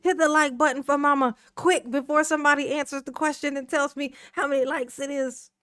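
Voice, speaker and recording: Sassy woman reacting to clips, high voice, profane, laughs a lot. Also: steady tone, fairly quick, a bit bright, no echo, studio quality. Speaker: reaction channel host. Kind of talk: casual commentary on a clip.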